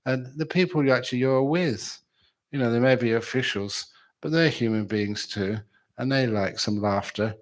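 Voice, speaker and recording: A man's voice: mid-range voice, normal speed. A man giving a chatty, humorous dharma talk at a retreat, telling stories and laughing with his audience. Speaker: meditation teacher.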